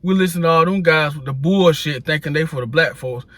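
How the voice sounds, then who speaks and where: Brief: man, slightly high voice, dry close sound, profane preachy rant to camera. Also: a little fast, a bit bright, no echo. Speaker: social media commentator.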